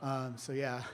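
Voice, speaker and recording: A man from California telling a long anecdote to a live audience, animated, acting out the people he quotes and laughing often. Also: mid-range voice, slight background noise. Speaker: author giving a talk. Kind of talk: storytelling talk to an audience.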